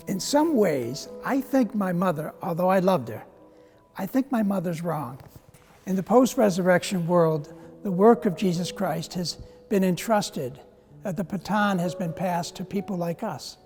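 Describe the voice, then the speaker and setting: Older priest in his 70s, storytelling easter message, highish voice, echoey w soft music. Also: expressive, a little slow. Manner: storytelling, gently humorous. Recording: long reverb with faint music.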